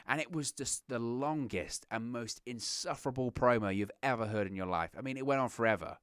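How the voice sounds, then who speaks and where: A young man hosting a wrestling reaction show, chatting casually with lots of restarts and animated asides. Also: mid-range voice, brisk, hardly any pauses, smooth, no room sound, clean studio sound. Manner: rambling, animated, self-interrupting with restarts. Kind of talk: casual solo commentary.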